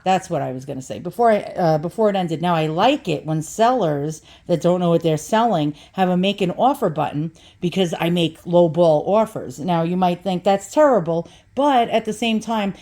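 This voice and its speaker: A woman's voice: on the low side, darkish tone. A woman vlogger chatting casually through an antique unboxing, rambling and self-deprecating with lots of restarts.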